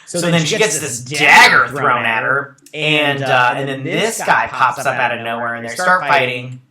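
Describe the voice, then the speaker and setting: A man's voice: mid-range voice, normal speed, reverberant, crowd noise. A man hosting a casual episode recap, rambling with lots of fillers and restarts. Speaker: show host.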